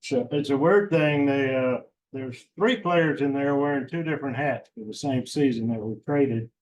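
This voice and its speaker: A man's voice: medium pitch, normal speed, muffled recording. A man telling a folksy, easygoing story to a small group at a club meeting. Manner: folksy storytelling, says y'all. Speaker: chapter member. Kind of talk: casual anecdote to a small group. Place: restaurant meeting room.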